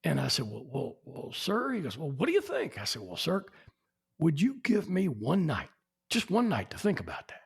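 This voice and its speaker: A man in his 70s shares anecdotes on a podcast, animatedly performing the people in his stories. The pitch is fairly high, the pace moderate, and the tone creaky and a bit rough.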